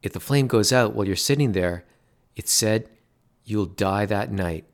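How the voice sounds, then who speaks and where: A man's voice: on the low side, a little slow. A man voicing an eager, self-satisfied father who is an extravagant salesman. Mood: enthusing.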